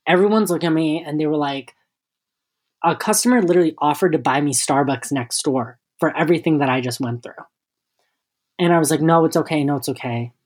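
A young man co-hosting a podcast, telling a story in a casual, animated way, cursing freely and acting out the people in it. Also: on the high side, a little fast. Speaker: podcast co-host.

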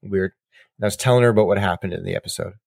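Casual podcast co-host, male, animated, restarts a lot, dry mic. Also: deep voice, racing, gravelly, no room sound. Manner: excitable, laughing, rambling with restarts. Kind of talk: casual chat.

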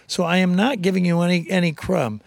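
A man co-hosting a casual on-location interview, telling animated stories and joking with his guest. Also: sits high, gravelly, no room sound, studio quality. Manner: animated storyteller, quick jokes and impressions. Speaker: radio show co-host.

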